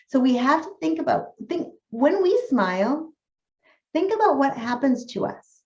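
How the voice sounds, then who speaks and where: A woman's voice: high-pitched, sing-song, a little slow. A woman coach teaching a live webinar, upbeat and encouraging, asking her audience questions over a video call. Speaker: health coach trainer. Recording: echoey room, dull lo-fi sound.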